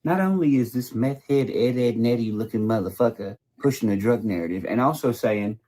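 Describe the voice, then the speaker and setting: A man's voice: mid-range voice, fairly quick, warm tone. A man ranting in a profane, mocking way. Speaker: video creator. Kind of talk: angry rant.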